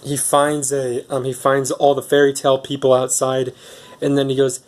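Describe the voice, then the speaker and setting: Brief: everyday guy retelling a movie plot, rambling and unsure, middle-of-the-road pitch. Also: monotone, moderate pace. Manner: rambling, hesitant, many ums and restarts. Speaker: movie reviewer. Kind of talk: casual film recap.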